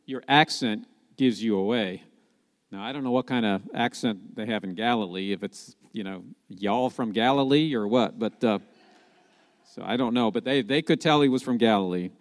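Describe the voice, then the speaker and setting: A man giving a sermon as a Messianic preacher, telling the story in a lively way and asking rhetorical questions. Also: fairly low pitch, a little fast, in a large hall.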